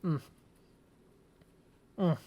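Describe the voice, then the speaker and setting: A game master narrating a tabletop game in a relaxed storytelling manner. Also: extremely slow, highs cut off, slight background noise. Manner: relaxed storytelling, with occasional restarts.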